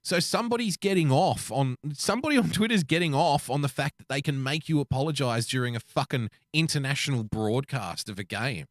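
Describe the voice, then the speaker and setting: A man's voice: mid-range voice, animated, a little fast, few pauses, no room sound, studio quality. A man co-hosting a podcast, ranting in a profane, emphatic casual chat. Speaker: podcast co-host.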